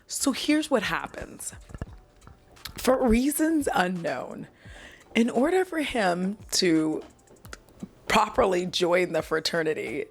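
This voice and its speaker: A woman's voice: mid-range voice, expressive, slow, vocal fry, long pauses. A woman at home casually recapping a movie, giggling and chuckling her way through it with apologetic asides. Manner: giggly, keeps breaking into laughter mid-sentence; self-deprecating, apologetic asides.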